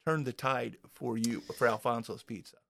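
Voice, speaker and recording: A man hosting a casual radio interview in a studio, chatting easily and dropping in quick agreements. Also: medium pitch, creaky, no room sound. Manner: relaxed, drawn-out delivery with frequent short agreements. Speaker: radio host. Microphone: studio microphone.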